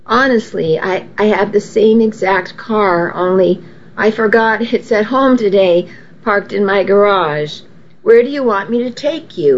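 A woman voicing a polite, flustered young man who speaks quickly and eagerly. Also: mid-range voice, lightly acted. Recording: dull lo-fi with faint hiss.

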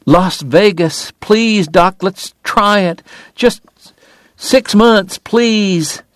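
A man's voice: high voice, extremely slow, a bit bright, no echo, clean studio sound, pitched above the performer's own voice, full character voice. A man voicing a distraught woman with a put-on French accent, pleading tearfully with her lover. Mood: coaxing.

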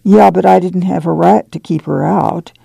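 Slow, sad farmer uncle in rural dialect, gravelly and mellow, pitched a little high, read by a man. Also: fairly even intonation, no echo, exaggerated voice. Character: guilt-ridden, sorrowful middle-aged farmer uncle.

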